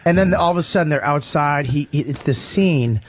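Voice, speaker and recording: A man's voice: on the high side, fairly quick. A man telling a story in casual radio chat, rambling and stammering, often laughing mid-sentence.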